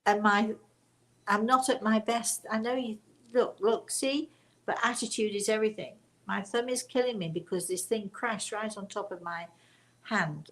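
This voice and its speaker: An older woman with a medium-pitched voice, a spiritual medium, chats casually on a live stream with her audience. She rambles, frequently corrects herself, and laughs along the way.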